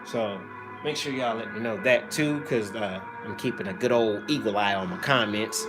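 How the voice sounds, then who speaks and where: A man's voice: on the low side, moderate pace, over music. Playful man chatting on a phone stream. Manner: playful, teasing chat viewers. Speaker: streamer hosting his own channel. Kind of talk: casual livestream chat. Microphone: iPhone on a selfie stick.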